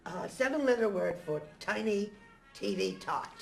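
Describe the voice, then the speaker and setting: A woman voices a gatekeeping receptionist with a creaky voice that moves up and down a lot. She stalls in a dry way, and clear music plays behind her. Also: mid-range voice, huge pitch swings, measured pace, full character voice. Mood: teasing. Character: puzzle-obsessed female mayor's receptionist.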